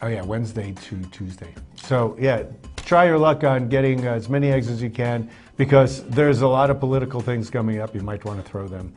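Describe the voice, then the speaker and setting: A man hosting a local talk show in a studio, speaking at an ordinary middle pitch with faint music underneath. He rambles and jokes through plenty of halting stops and restarts, in an easygoing chat. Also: a little mellow. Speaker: show host. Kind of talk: casual chat.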